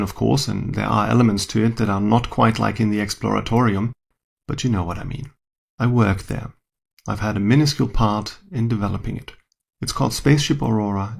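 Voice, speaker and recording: A man's voice: lowish voice, vocal fry, husky. A man, a scientist, telling a first-person story in a dry, wry, self-deprecating manner.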